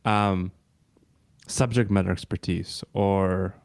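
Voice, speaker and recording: A man's voice: deep voice, fairly even intonation, slow pace, gravelly, no room sound. A man hosting a podcast interview, asking his questions in a casual, hesitant way with plenty of fillers. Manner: hesitant, many fillers and restarts. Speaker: podcast host.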